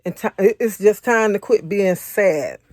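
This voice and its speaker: A woman's voice: mid-range voice, measured pace, a little mellow, no room sound, studio quality. Earnest woman giving a faith talk. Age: adult, married. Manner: repetitive, earnest, conversational preaching; personal testimony in casual vernacular. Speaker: faith encourager.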